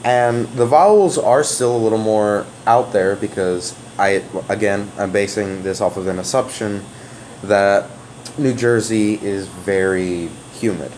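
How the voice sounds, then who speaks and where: Man, lowish sonorous voice, casual off-camera explainer, halting and full of restarts. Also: a little mellow, slight background noise, poor audio. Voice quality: open, sonorous voice. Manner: rambling and hesitant, with many fillers and restarts. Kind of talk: casual spoken explanation to a viewer. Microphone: off-camera voice recording.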